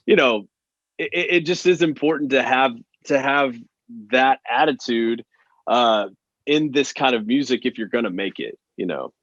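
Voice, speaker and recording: A man's voice: medium pitch, normal speed, fairly bright tone, dry recording, highs cut off. A man from Texas, a country singer guest, talking earnestly in casual interview chat with many "you know" fillers.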